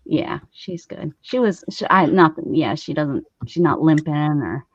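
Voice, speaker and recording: A woman's voice: sits low, expressive, a little slow, no echo. A woman from Texas co-hosting a casual livestream craft chat, playful and teasing, laughing often. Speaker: co-host. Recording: dull lo-fi stream audio.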